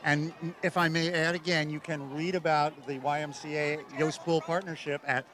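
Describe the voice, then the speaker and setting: A man's voice: fairly high pitch, flat delivery, normal speed, fairly bright tone. A man giving live commentary on a street parade outdoors, reacting eagerly to what passes. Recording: noisy outdoor street recording.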